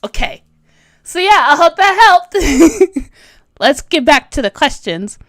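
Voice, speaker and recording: A bubbly woman in her thirties with a high, bright-sounding voice, talking through a drawing tutorial on a livestream. She rambles, giggles often and teases herself as she answers viewers. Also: sing-song, slow pace. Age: 30s. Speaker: webcomic artist streaming a tutorial. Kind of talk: casual livestream chat, reading comments.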